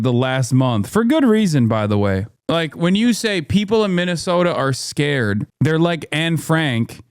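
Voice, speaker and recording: A man streaming political reaction commentary, ranting in a heated, profane, animated way. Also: fairly high pitch, clear, resonant tone, no echo, studio quality.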